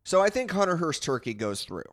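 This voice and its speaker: A man co-hosting a comedy podcast, his voice fairly high and swinging widely in pitch. He bickers in a mock-exasperated way and keeps breaking into laughter. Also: sing-song, fairly quick. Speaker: podcast co-host. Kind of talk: casual comedic banter.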